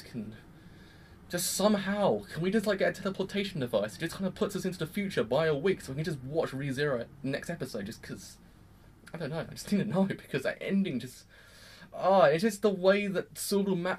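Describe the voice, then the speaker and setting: An excitable man talks through an anime episode in a casual review, voice sitting a bit high for a man. He rambles, restarts his sentences and breaks into exclamations. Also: a little fast, slightly rough.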